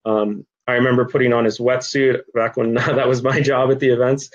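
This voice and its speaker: A man's voice: medium pitch, level tone, fairly quick. Earnest middle-aged man, dull lo-fi sound. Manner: earnest storyteller, frequent ums, gets choked up. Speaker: nonprofit director, guest. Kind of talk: interview conversation.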